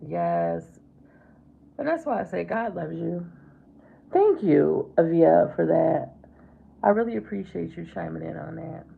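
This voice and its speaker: A middle-aged woman chatting casually with her viewers while doing her makeup, warm to them and calling them babe. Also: on the low side, lively intonation, a little slow, vocal fry, long pauses, narrow, tinny audio, slight background noise. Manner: chatty, affectionate, calls viewers babe and baby. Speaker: livestream host. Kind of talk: casual makeup livestream chat.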